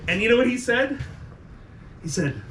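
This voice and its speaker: A man doing a stand-up comedy set, telling a profane, animated story and acting out the people in it. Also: very high-pitched, moderate pace. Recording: echoey room, far from the mic, noisy.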